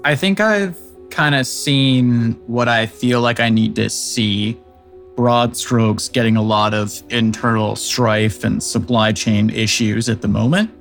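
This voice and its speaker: A man's voice: medium pitch, steady tone, slow, vocal fry, a bit bright, faint music behind. A young man playing a tabletop game, talking through his plans in a thoughtful, hedging way. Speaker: player. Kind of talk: casual tabletop game talk.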